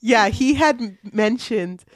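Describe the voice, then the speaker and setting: A woman's voice: fairly high pitch, expressive, slow, no room sound, clean studio sound. A young woman co-hosting a casual book podcast, playful and giggly as she quotes characters. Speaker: podcast co-host.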